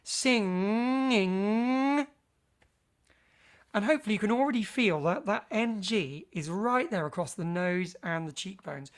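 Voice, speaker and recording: A man's voice: high voice, lively intonation, fairly quick, hardly any pauses. A man leading a vocal health workshop for teachers, chatty and playful with theatrical asides.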